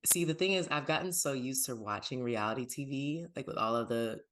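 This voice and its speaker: A man's voice: mid-range voice, fairly quick, fairly bright tone. A man hosting a pop culture podcast, chatting upbeat and casual about TV and plugging his pages. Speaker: podcast host.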